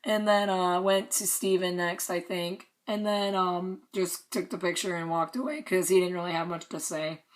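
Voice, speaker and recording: A woman's voice: fairly low pitch, moderate pace, few pauses. A young woman casually recounting a concert meet and greet, chatty, swearing and laughing often. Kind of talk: casual storytelling vlog.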